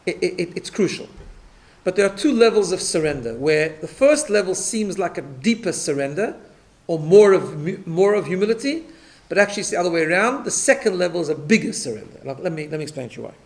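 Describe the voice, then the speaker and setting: Rabbi giving a Torah class, fairly high voice, explains patiently, repeats words on restarts. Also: male voice, lively intonation, quick pace. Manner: explanatory, checks in with listeners. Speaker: rabbi teaching a weekly class.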